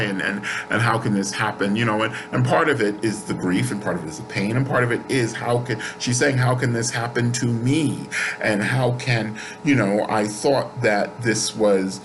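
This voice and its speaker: Low-voiced man rambling through a spiritual lesson. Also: rough recording. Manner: rambling, animated when reenacting. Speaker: spiritual teacher. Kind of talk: casual spiritual talk with personal story.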